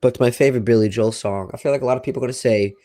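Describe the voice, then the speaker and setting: A man's voice: medium pitch, very fast, warm tone. A young man with a Long Island accent, co-hosting a sports podcast in casual, rambling chat full of "you know" and "like". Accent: Long Island New York. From Long Island, New York. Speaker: podcast co-host.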